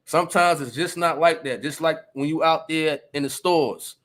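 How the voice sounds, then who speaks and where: A man's voice: a little high, normal speed, fairly bright tone. A man hosting a casual commentary stream, reading viewer comments aloud and reacting emphatically, often checking in with his listeners. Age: adult. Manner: emphatic, repeats "you understand?", reads chat aloud.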